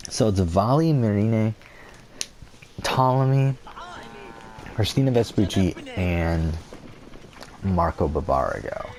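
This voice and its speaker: A man's voice: lowish voice, expressive, takes it slowly, long pauses, a little mellow. A man giving casual, rambling gameplay commentary, full of fillers and restarts, cursing when things go wrong. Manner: rambling, many fillers and restarts, swears at the game.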